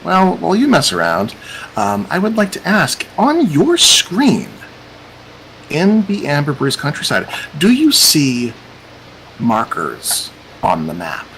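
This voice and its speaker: A man hosts a casual tabletop game as its game master. He talks in a loose, rambling way, and his pitch swings up and down a lot. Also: wildly swooping pitch, takes it slowly, a bit bright, a little hiss or hum, low-quality recording. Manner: chatty, meandering, repeats "cool".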